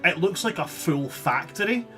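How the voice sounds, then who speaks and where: A man's voice: a little high, animated, normal speed, sharp tone, soft background music. A man narrating as game master of a tabletop game, loose and self-interrupting, often laughing.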